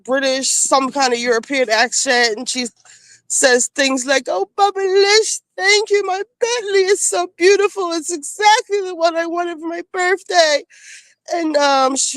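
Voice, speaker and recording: A woman's voice: a little high, dry recording. A woman streaming from her phone, giving a blunt, gossipy, profane recap of reality-show drama in casual chat.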